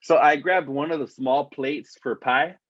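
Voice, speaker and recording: His voice is a little high and steady, his pace a little slow, as he co-hosts a casual podcast. He rambles through long, expletive-heavy stories, often addressing his friend as "dog." The recording is dry, with the highs cut off.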